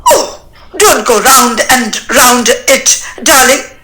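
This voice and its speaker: An effusive older male landowner from a stage play, as a woman reads the part. He rambles, tacks "and so on" onto his sentences and showers his guest with endearments. The voice is high and animated, slow-paced and bright. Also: heavily acted, poor audio. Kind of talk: dramatic reading of a stage play.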